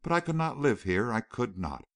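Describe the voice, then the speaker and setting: A man voicing a distraught young wealthy city woman in an audiobook, pleading and breaking off in halting repeats. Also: medium pitch, sing-song.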